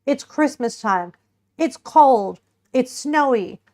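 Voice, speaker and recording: Here a young woman streams herself making and tasting a pie, speaking slowly in a high, slightly mellow voice with lively intonation. She's chatty and giggles now and then, addressing chat as she eats.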